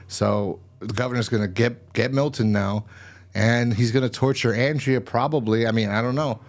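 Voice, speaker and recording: A man hosting a casual TV episode review, recapping the plot in a rambling way and often restarting his sentences. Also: lowish voice. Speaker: show host reviewing TV episodes.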